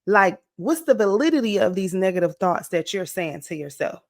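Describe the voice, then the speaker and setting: A woman's voice: medium pitch, normal speed. Encouraging woman turning forty. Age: late 30s. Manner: energetic, encouraging, conversational with frequent "okay?" and "right?". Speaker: motivational vlogger. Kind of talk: casual motivational talk to camera.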